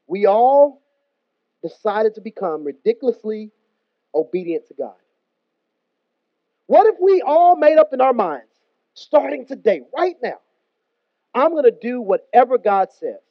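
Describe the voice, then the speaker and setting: A man's voice: extremely high pitch, no echo. A man preaching a sermon in an emphatic, conversational way with slangy asides. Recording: dull, dry close recording.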